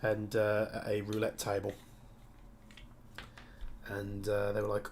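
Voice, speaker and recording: Slow and monotone, with long pauses and a slightly mellow, low voice, an airsoft tech streamer from Birmingham, England, chats on a live stream amid slight background noise. Speaking in a Birmingham accent, he stays casual and chatty, explaining as he builds and answers viewer questions.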